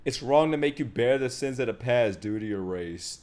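A man watching an anime episode and reacting aloud, excitable and profane, laughing and shouting at the screen. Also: medium pitch, moderate pace. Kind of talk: live reaction commentary.

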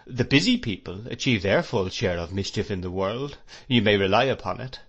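Storybook figure: a grave, probing lawyer, read by a man, low-voiced, dry and pointed. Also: expressive, moderate pace, lo-fi sound. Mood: sardonic. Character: shrewd, grave middle-aged male lawyer.

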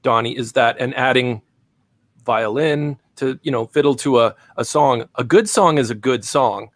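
A man's voice: mid-range voice, normal speed, no echo, clean studio sound. A man co-hosting a casual chat, reflective and loose, with many "you know" fillers.

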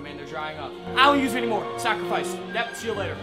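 High-voiced hyped male gamer. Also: expressive, fast talker, few pauses. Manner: hyped, loud outbursts and cursing. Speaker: gaming YouTuber. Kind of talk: excited gaming commentary. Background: background music.

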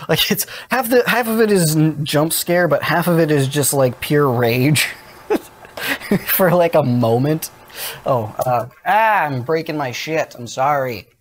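A man's voice: fairly high pitch, lively intonation, slow, a little hiss or hum. A young adult man streaming a horror game, chatting casually to viewers and breaking into jumpy, swearing outbursts. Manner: jumpy, swearing outbursts and rambling asides to chat. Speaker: gaming streamer. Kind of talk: casual livestream commentary.

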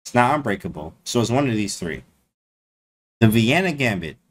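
A man streaming casually to his chat, slangy and animated, repeating his phrases. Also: fairly low pitch, normal speed. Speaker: chess streamer.

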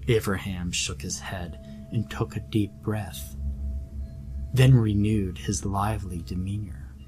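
A man narrating a horror story in a hushed, deliberate way. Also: lowish voice, faint music behind.

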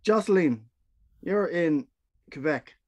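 Friendly host on a call. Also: male voice, fairly high pitch, expressive, slow, a little mellow. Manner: friendly, informal organizer. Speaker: event host. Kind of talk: hosting a virtual gathering. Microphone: video call.

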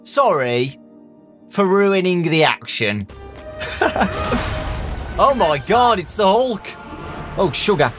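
A young man with a very high, lively voice calls out his moves in a breathless stream of excitement, with shouts and giggles. He speaks in unhurried bursts, and game music plays underneath. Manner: excitable, loud exclamations, giggly, talks to viewers as "boys". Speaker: gaming YouTuber. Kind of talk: excitable let's-play commentary.

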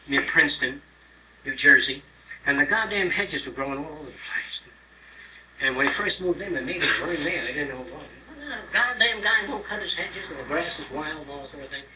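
A man's voice: fairly high pitch, noisy background. An older man giving a live lecture, blunt and profane, telling stories and acting out quotes. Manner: blunt, profane, animated storytelling with acted-out quotes. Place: lecture hall. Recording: roomy 1979 lecture tape, mic at a distance.

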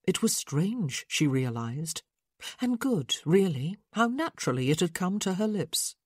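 A woman narrating a historical romance audiobook in an expressive, measured storytelling manner. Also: on the low side, husky, no room sound, clean studio sound.

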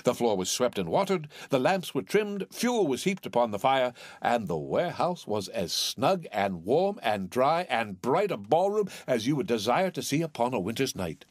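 A man reading a classic novel aloud as an audiobook narrator, in an animated, theatrical way. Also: mid-range voice, normal speed, hardly any pauses, no room sound, studio quality.

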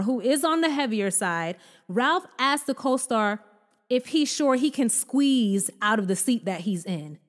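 Woman, high voice, sassy reality show recap, exasperated. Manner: sassy, exasperated, animated swings in pitch. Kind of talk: casual commentary.

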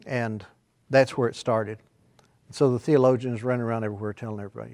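A man preaching a sermon, swinging between quiet, hushed asides and loud, emphatic exclamations. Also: mid-range voice, steady tone, fast.

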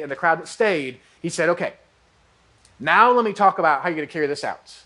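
A man's voice: sits high, lively intonation, brisk, pushed and bright. A man giving a church sermon, preaching animatedly and acting out how listeners might react. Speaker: pastor.

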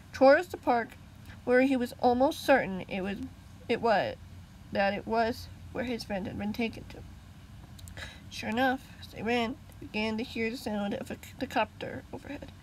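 A woman's voice: a little high, moderate pace, a little hiss or hum, low-quality recording. A woman reading her own story aloud, casual, with small slips and restarts.

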